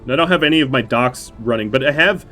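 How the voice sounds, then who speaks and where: A man gives live let's-play commentary on a headset mic, thinking aloud as he makes his choices. His voice sits at an ordinary middle pitch for a man. He cracks dry, self-mocking jokes between his decisions. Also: fast talker, pushed and bright, faint music behind. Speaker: game streamer.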